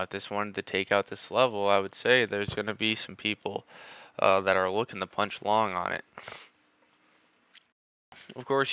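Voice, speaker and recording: A man's voice: fairly low pitch, sharp tone, clean tone, no room sound, highs cut off. A man doing live stock market analysis on a stream, thinking aloud with many filler words.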